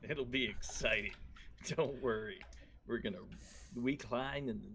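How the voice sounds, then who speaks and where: A man running a tabletop game as game master, talking in a laid-back, halting way with plenty of fillers. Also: medium pitch, bright, forceful tone.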